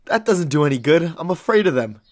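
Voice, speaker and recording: A man's voice: a little high, very animated, brisk. A man doing a crude, blustering cowardly lion. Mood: whiny. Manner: swaggering, crude, blustering threats. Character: boastful cowardly male lion, foul-mouthed. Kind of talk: comedic read-through.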